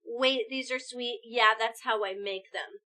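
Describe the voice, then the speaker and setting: A woman's voice: fairly high pitch, unhurried, sharp tone. A woman co-hosting a live stream, chatting casually and telling personal anecdotes. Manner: chatty, tells personal anecdotes, laughs often. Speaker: streamer co-host. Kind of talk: casual chat reacting to stories.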